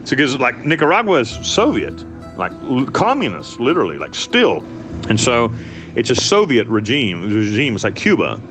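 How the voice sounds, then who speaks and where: A man's voice: mid-range voice, wildly swooping pitch, moderate pace, music in the background. A man from the United States telling his story as an interview guest, blunt and profane, rambling with restarts. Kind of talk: candid storytelling.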